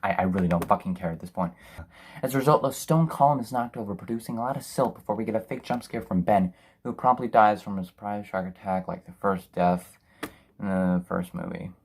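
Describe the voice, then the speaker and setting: A man's voice: on the low side, fairly quick, breathy edge. A man reviewing a film in a sarcastic, profane, exasperated rant. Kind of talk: ranting film review commentary.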